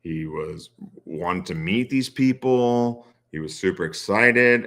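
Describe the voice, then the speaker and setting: A man's voice: deep voice, expressive, measured pace, hardly any pauses, a bit bright. A man commenting casually on clips, sarcastic and profane, mocking what he hears. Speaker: streamer reacting to clips.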